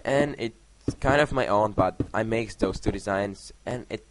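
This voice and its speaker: On a noisy home mic, a young man tells a loose, wandering story while gaming for his vlog. He swears a lot and counts blocks under his breath, and his voice is on the low side with a moderate pace.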